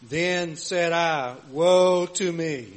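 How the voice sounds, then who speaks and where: Male scripture reader, slightly higher voice, very slow and deliberate delivery. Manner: slow, measured reading. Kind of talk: reading scripture aloud.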